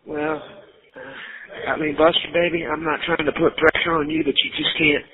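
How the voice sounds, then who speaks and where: A man's voice: on the high side, little pitch movement, normal speed. A middle-aged man on a recorded jail phone call, coaching and insisting, repeating his points. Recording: tinny jail phone line.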